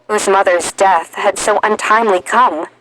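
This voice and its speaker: A woman narrating an audiobook in the first person, measured and reflective. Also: mid-range voice, fairly bright tone, slight background noise, rough recording.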